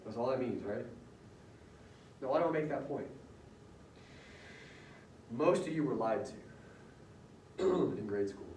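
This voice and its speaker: A man's voice: medium pitch, animated, measured pace, pauses often, darkish tone, a little hiss or hum. Male teacher lecturing in a roomy classroom. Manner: conversational, quizzes students with questions. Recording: roomy classroom audio from far off.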